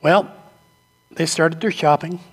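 A man with a high, light voice preaching in a church. He tells his stories with feeling and takes on the voices of the people in them. His words ring out with a long echo through the hall. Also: fairly even intonation, takes it slowly, slightly rough. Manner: storytelling preacher, acts out quoted voices. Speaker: pastor. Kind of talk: sermon.

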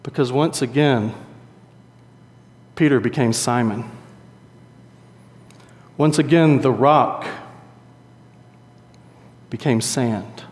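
A man preaching a sermon in a conversational, animated storytelling way. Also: mid-range voice, slow pace, long pauses. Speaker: pastor. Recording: long hall reverb.

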